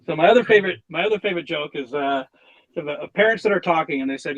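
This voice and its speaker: A man appears as a guest artist on a laid-back podcast, cracking jokes and discussing his work with some stumbles and restarts. His voice is fairly high and rapid-fire, and the audio quality is poor.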